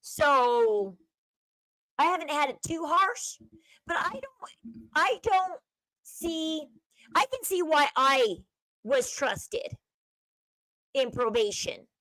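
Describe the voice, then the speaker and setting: High-pitched woman rambling opinions on a livestream, dry close sound. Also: sing-song, takes it slowly, pauses often, sharp tone, dry recording, rough recording. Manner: chatty, opinionated, reads chat aloud. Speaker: livestream host. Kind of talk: casual commentary chat.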